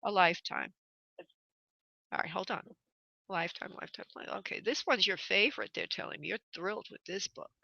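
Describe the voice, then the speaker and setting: A woman from New York with a New York accent, hosting a live call-in radio show as a psychic medium, chatty and pausing to consult spirit. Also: medium pitch, gravelly, sharp tone, no room sound, dull audio. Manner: chatty, pauses to consult spirit, laughs easily.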